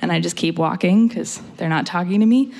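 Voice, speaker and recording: A woman's voice: lowish voice, a little fast, vocal fry, darkish tone. A young adult woman, a musician guest, chatting casually in an interview, often laughing and poking fun at herself. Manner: laughing, storytelling, self-mocking.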